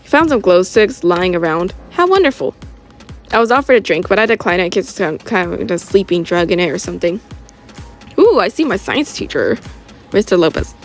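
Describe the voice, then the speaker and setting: A woman's voice: on the low side, lively intonation, brisk, faint music behind. A woman reading her own story aloud in a casual way, correcting herself as she goes. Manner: informal, with self-corrections and giggles.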